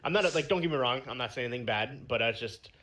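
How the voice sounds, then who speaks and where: Male podcast co-host, bright tense voice, lively pitch, rambling, mock-indignant. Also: quick pace. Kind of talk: casual chat.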